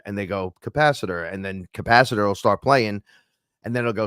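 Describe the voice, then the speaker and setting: Deep-voiced rambling New man. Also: brisk, a bit bright, clear, resonant tone, no room sound, studio quality. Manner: rambling, profane, laughs often. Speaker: podcast host. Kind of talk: casual live-stream monologue.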